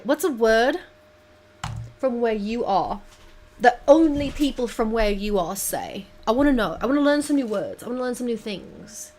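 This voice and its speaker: A woman's voice: fairly high pitch, a little mellow, a little hiss or hum. A woman livestreaming as she paints, chatting casually, muttering to herself and swearing now and then. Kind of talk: casual chat while painting.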